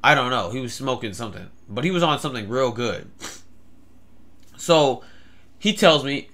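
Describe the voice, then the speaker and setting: A young man rambles through a story-time vlog, full of "like" and stammered restarts. His voice is mid-pitched with a bright edge. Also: lively intonation, moderate pace, long pauses. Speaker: vlogger.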